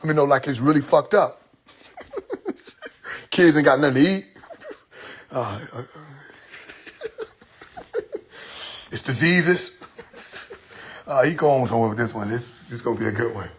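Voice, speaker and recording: Husky and mid-range, a young streamer speaks at a measured pace with long pauses. He's recalling a funny childhood tale in a casual monologue, animated and profane, laughing a lot along the way.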